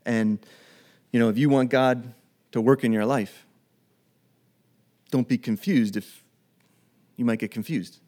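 A man preaching a sermon in a conversational way, acting out Bible dialogue in quick everyday voices. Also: medium pitch, fairly even intonation, a little mellow. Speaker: pastor.

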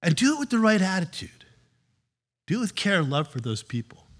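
Man, pastor, sermon, animated preaching, slightly high voice. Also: fairly quick.

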